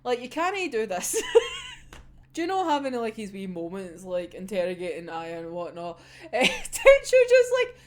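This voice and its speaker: A woman's voice: medium pitch, wildly swooping pitch, moderate pace. A young woman with a Scottish accent chatting casually about an anime episode, swearing freely and laughing often. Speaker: anime reviewer.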